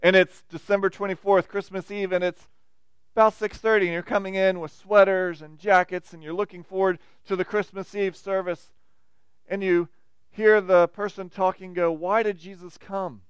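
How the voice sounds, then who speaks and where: A man's voice: high-pitched, level tone, moderate pace, clean tone, no echo. A man, a pastor, delivering a sermon with rising and falling emphasis.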